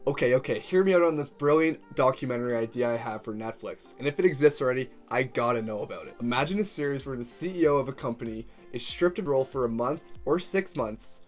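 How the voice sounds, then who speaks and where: An upbeat young man talks through a scripted self-help video at an ordinary pitch, breaking in now and then with playful jokes. Faint music runs quietly underneath him. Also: lively intonation, fast talker, hardly any pauses. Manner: upbeat, with joking asides. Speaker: video host. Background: faint background music.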